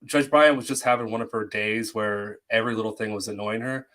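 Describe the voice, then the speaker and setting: A man's voice: fairly low pitch, fairly even intonation, brisk, fairly bright tone. A man hosting a live stream in casual chat, easygoing as he thanks viewers and talks with his guests.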